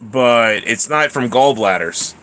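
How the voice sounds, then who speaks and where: A man's voice: medium pitch, lively intonation, slow pace, fairly bright tone. A man in his thirties hosting a casual livestream, rambling and chatty as he answers viewers by name. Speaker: livestream host.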